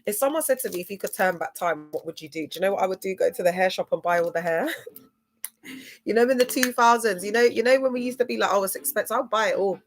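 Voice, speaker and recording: A woman's voice: medium pitch, fast talker, a little hiss or hum. Slangy woman rambling on a livestream. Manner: slangy, chatty, loose and digressive. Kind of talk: rambling livestream talk to viewers.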